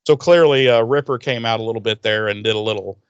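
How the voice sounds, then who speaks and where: A man's voice: medium pitch, fast, clear, resonant tone, no echo, highs cut off. A man co-hosting a podcast, recapping a TV episode in casual, profane chat and acting out the characters' lines. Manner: animated, swears a lot, acts out characters' lines.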